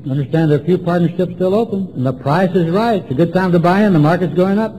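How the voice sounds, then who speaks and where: A man's voice: high-pitched, fast, mellow, slight background noise, poor audio. A man from Washington, DC giving a folksy, repetitive, emphatic talk to a recovery meeting. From Washington, DC, USA. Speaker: AA speaker. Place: meeting room before a group.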